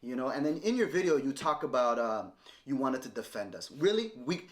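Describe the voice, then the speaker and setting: A man's voice: medium pitch, sing-song, a little fast. A man in his thirties talking straight to camera in a confrontational, repetitive rant aimed at his ex-partner. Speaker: vlogger responding to an ex-partner.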